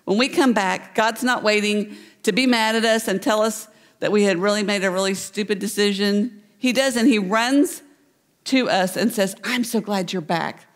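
A woman pastor preaching a sermon, retelling a parable with animated storytelling. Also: mid-range voice, moderate pace, long reverb tail. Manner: storytelling, voicing the characters in the parable. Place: church sanctuary.

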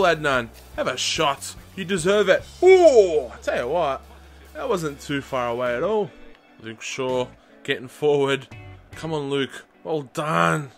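Young man, British accent, slightly high voice, excitable football-game commentary, chatty slang, faint game music underneath. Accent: British English. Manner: excitable, cheers and shouts at chances and goals; chatty slang, talks straight to viewers. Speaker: gaming channel host. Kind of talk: live commentary over a football video game.

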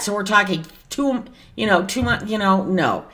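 A woman's voice: medium pitch, lively intonation, normal speed, pushed and bright. A woman talking casually in a vlog as a tarot reader, chatty and digressive, with some mild cursing.

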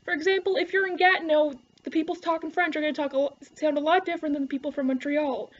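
A woman's voice: high voice, fairly even intonation, quick pace, muffled recording. A Canadian woman with a Canadian accent, chatting casually to camera in a rambling, sarcastic way, often laughing. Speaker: vlogger.

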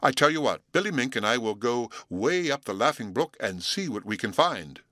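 A man's voice: medium pitch, big pitch swings, normal speed, a bit bright, no echo, studio quality, voice pushed up. A man voicing an eager, short-legged young male otter in a storybook.

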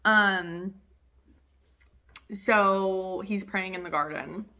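A young woman hosting a podcast from home, retelling a story in a chatty, animated way with many fillers. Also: medium pitch, very slow. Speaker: podcast host. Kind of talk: casual storytelling chat. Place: home with her dog nearby.

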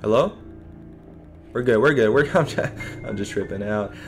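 A man's voice: on the low side, normal speed, faint music behind. A young man commentating a horror game, nervous and joking, often laughing and talking to the game and his viewers. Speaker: gaming YouTuber. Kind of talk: horror let's play commentary.

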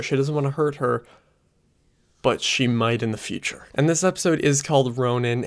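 A man talks through a show review at a home setup, close on a desk microphone. His voice sits at an ordinary middle pitch. He rambles and leans on frequent fillers. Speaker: film and TV reviewer. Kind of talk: casual spoken review. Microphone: USB desk microphone close up.

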